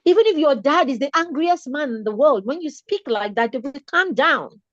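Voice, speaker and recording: A woman's voice: high voice, expressive, normal speed, no echo, dull audio. A woman mentor giving an online class to teenagers, asking earnest coaching questions one after another. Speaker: mentor teaching teens.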